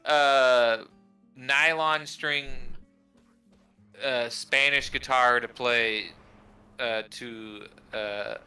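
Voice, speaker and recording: Bright-voiced man with a Southern drawl. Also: mid-range voice, steady tone, recorded from a distance, faint music behind, rough recording. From South Texas. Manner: joking, laughs often, drawn-out filler words. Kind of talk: casual chat.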